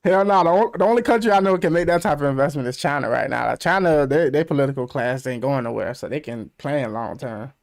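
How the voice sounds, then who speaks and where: A man's voice: mid-range voice, fast talker, gravelly, hardly any pauses. A man hosting a casual podcast conversation, talking loosely with lots of fillers. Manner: loose and chatty, many fillers. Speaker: podcast host.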